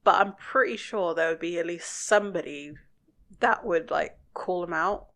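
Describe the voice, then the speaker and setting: A woman co-hosting a podcast, casually talking through a TV episode, relaxed and quick to giggle. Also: lowish voice. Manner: relaxed, giggly, thinks aloud. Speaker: podcast co-host. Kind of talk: casual chat about a TV episode.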